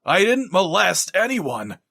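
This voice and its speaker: A man voicing a frightened, outraged ordinary man who protests loudly. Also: on the high side, animated, a little slow, no room sound, clean studio sound, full character voice. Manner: protesting, shouting.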